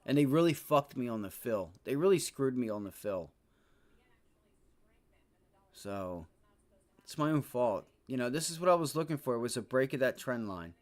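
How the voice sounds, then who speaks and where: A day-trading livestreamer broadcasts his trades live, frustrated and swearing heavily. He swings between shouted outbursts and long stretches of low muttering to himself.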